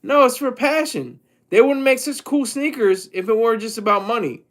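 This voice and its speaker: A man's voice: extremely high pitch, normal speed, fairly bright tone. A man from Delaware giving rambling, jokey solo commentary, often cutting himself off mid-word. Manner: rambling, jokey, self-interrupting. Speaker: vlogger.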